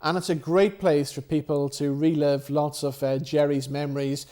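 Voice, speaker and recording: A man's voice: a little high, little pitch movement, normal speed, warm tone. A man hosting a TV chat show, introducing a guest and asking questions. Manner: brief encouraging interjections, smooth scripted links. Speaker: TV show host.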